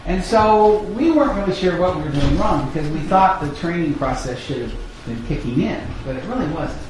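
A middle-aged man preaching a sermon, his voice sitting a little high. He tells stories with animation and acts out the lines of the people in them. The recording carries a strong echo with faint ambience behind him. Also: brisk, a little hiss or hum. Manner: animated storytelling, acting out family dialogue. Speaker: pastor. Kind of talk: sermon storytelling.

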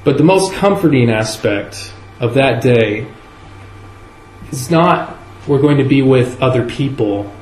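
A man preaching a sermon in a church, earnest and measured, leaning on key words with slow emphasis. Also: mid-range voice, lively intonation, darkish tone, a little hiss or hum. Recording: echoey room with faint ambience.

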